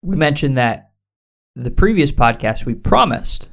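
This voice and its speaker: A man's voice: fairly high pitch, very animated, a little slow, creaky, slight background noise. Laid-back man co-hosting a beer podcast. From Washington State. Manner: laid-back, swears casually, laughs often. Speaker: podcast co-host. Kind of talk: casual chat.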